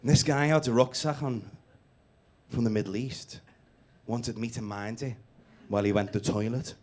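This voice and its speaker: A man's voice: mid-range voice, fairly even intonation, moderate pace. A man in his late thirties with a Scouse accent, doing crude, teasing stand-up and crowd work on a comedy club stage. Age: late 30s. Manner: brash, crude, teasing the audience. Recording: live gig with loud crowd laughter. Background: audience laughing.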